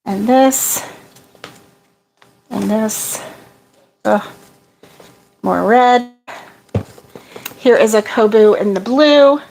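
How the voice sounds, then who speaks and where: A middle-aged woman talks slowly and loosely while sorting yarn for her crochet channel. Her voice sits a little high for a woman. She pokes fun at herself and laughs easily. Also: vocal fry, a little mellow, faint music behind, rough recording. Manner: chatty, self-deprecating, laughs often. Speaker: crochet vlogger.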